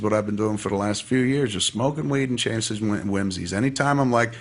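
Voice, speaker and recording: A man's voice: fairly low pitch, fairly quick. A man casually telling a personal story as a podcast guest, profane and rambling but heartfelt.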